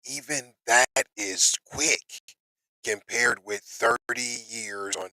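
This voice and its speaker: A man reads news aloud and riffs on it in loose, slangy commentary. His voice is bright and forceful, his delivery unhurried but prone to excited bursts. He is recorded on a close mic in a dry, deadened room. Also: medium pitch, no echo, poor audio. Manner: animated, slangy, breaks into excited outbursts. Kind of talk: casual reaction commentary.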